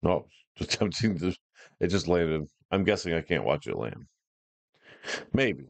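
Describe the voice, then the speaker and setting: A man casually commenting while trying out software, laid-back and joking with slangy talk. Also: low voice, very animated, measured pace, gravelly, dry recording.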